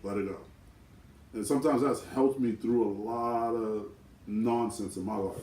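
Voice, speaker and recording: A man in casual chat, talking reflectively and pausing to search for words. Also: mid-range voice, warm tone, roomy sound, recorded from a distance, slight background noise, rough recording. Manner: reflective, searching for words with many "you know"s. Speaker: vlogger twin.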